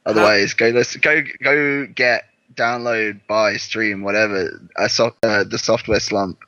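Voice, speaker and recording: A man's voice: lowish voice, steady tone, a little slow, pushed and bright. A man co-hosting a music podcast in casual chat, upbeat and enthusiastic. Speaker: podcast co-host. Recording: dry, dull lo-fi sound.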